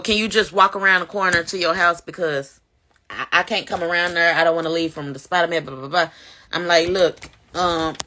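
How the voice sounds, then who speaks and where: A woman tells her own story straight to a phone camera at home. Her voice is bright and pushes forward, sitting a little low. She acts out everyone she quotes and climbs high when the story gets tense. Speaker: mother of five telling her life story. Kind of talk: casual storytelling vlog.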